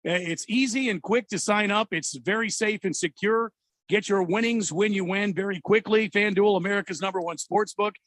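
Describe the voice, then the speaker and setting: A man hosting a sports radio show, chatting casually and reading ads with many halting fillers. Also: high-pitched, fairly bright tone, no echo. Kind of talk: casual radio talk with live ad reads. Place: radio studio. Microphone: studio mic.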